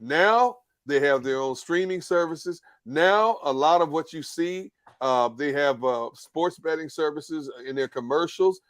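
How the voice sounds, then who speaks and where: A man's voice: on the high side, a bit bright, no room sound. Man talking sports, dry close mic. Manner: measured, repeats words when starting sentences. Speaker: sports talk panelist. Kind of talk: casual sports talk.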